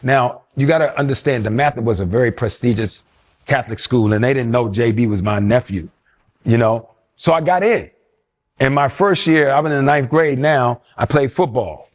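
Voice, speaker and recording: Older man, animated storyteller. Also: medium pitch, normal speed. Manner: animated storyteller who acts out quoted voices. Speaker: interview guest. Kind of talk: storytelling interview.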